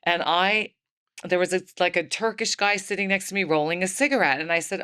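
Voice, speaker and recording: A woman hosting a podcast, telling an animated story full of acted-out quotes and frequent laughter. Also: lowish voice, brisk, clear, resonant tone. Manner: acts out quoted voices, laughs often. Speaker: podcast host.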